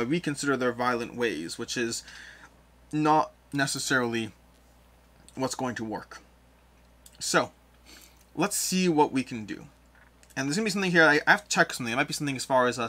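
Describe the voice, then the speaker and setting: A man's voice: mid-range voice, pushed and bright. A man hosting a board game playthrough, explaining each move and thinking aloud over the rules. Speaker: board game player and host.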